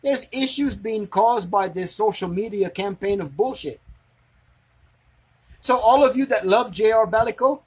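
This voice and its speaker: A man with a high, husky voice rants at his online audience. He sounds preachy and confrontational and keeps hammering the same rhetorical questions. His delivery comes across as an angry monologue. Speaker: commentator reacting to social media drama.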